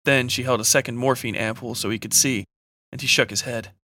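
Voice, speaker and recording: A man narrates a scripted horror story with steady, measured pacing. His voice is mid-pitched and bright with a forward edge. The recording is dry and close, with no room echo. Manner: steady, measured dramatic reading.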